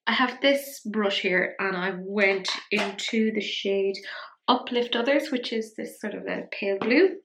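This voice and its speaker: A woman's voice: medium pitch, unhurried, fairly bright tone, roomy sound, slight background noise. A young woman chatting casually through a makeup tutorial, self-mocking, sometimes dropping to a whisper as she works. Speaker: beauty vlogger.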